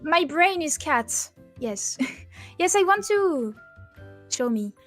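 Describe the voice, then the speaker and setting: A woman's voice: high voice, very animated, takes it slowly, music in the background. A woman, a guest chatting casually on a stream, playful and giggly as she searches for her words. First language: French. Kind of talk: casual chat.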